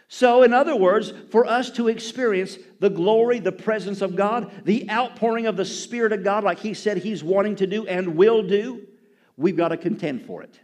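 High-voiced impassioned male preacher. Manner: impassioned preaching, builds to loud exclamations. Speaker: pastor. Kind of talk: sermon.

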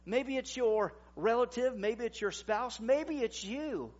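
A man in his forties, a pastor preaching a sermon in a conversational way, swinging between loud emphasis and quiet asides. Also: very high voice, expressive, slow. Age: 40s. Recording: dull, lo-fi recording.

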